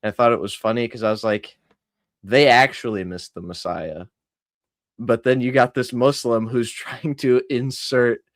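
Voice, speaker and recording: A man's voice: medium pitch, no room sound, studio quality. A man hosting a casual livestream chat, animatedly retelling what others said. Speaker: host.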